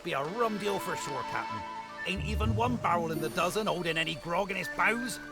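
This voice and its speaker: An actor playing a gruff male pirate crewman in an exaggerated pirate voice, grumbling in sea slang. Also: high-pitched, animated, a little fast. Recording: game audio with loud music behind.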